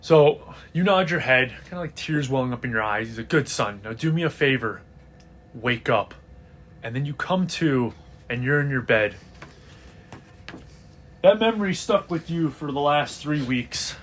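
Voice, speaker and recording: A man's voice: fairly high pitch, lively intonation, normal speed, a little hiss or hum. A man narrating as game master of a tabletop role-playing game, casual, with many fillers.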